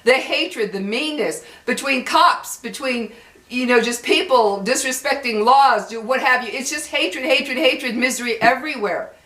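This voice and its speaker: A furious older woman vents her frustration straight at her viewers, swearing freely and hammering her points with repetition. Her voice is bright and forceful, sitting a little high for a woman. The room around her rings with noticeable echo. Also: a little slow. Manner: heated, cursing, emphatic, repeats herself. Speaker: vlogger. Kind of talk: angry rant to camera.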